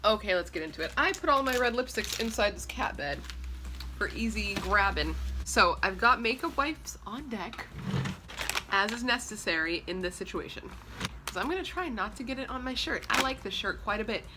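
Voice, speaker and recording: A woman's voice: mid-range voice, animated, moderate pace, noisy background. A young woman vlogger chatting playfully to camera at home, swatching lipsticks with jokey asides. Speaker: beauty vlogger. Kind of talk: casual chat to camera.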